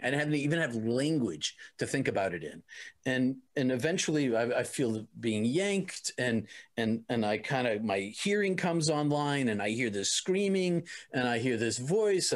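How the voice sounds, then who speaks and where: A middle-aged man speaks as an interview guest, recounting a personal experience. His voice sits at an ordinary male pitch, and he talks in an earnest, halting way, often restarting and repeating words as he searches for them.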